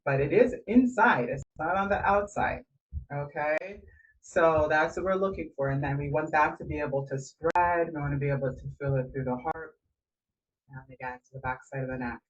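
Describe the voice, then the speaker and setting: A woman's voice: deep voice, moderate pace, slight background noise. A woman voice coach chatting on a podcast, slipping into little vocal demonstrations to make her points. Her voice sits a little back from the mic. The sound is muffled and dull. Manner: demonstrative, shifts voice to illustrate points. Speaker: voice coach co-host. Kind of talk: casual podcast chat. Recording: muffled audio, a bit far from the mic.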